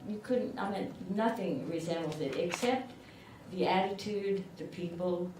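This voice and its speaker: An older woman with a rural southern Illinois accent gives a chatty, self-deprecating speech, her voice sitting a little low. She is picked up from a distance in an echoey room. Steady background noise runs under her. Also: measured pace. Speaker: award recipient. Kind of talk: acceptance speech.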